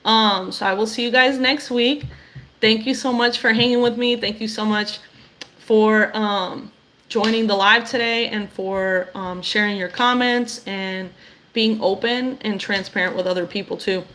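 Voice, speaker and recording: A woman's voice: medium pitch, fairly even intonation, measured pace, slight background noise. A young woman hosting a weekly live stream, talking encouragingly and directly to her viewers. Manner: warm, affirming, addresses viewers directly.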